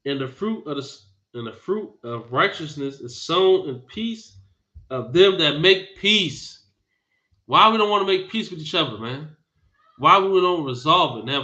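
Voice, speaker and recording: A man's voice: a little high, bright, forceful tone. A man preaching a Bible teaching sermon, emphatic and scolding, repeating phrases for force. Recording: dull lo-fi recording.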